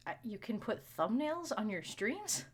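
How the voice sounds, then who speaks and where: A woman's voice: on the high side, very animated, measured pace, husky. A young woman live-streaming, flustered and self-mocking, who swears and drops into muttered whispers. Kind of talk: casual live-stream chat.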